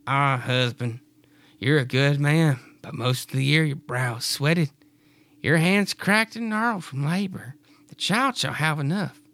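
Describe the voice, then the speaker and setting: A man voicing a gentle, devoted young farm wife in a raspy falsetto with a put-on Scottish accent. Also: unhurried, no room sound. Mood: tender.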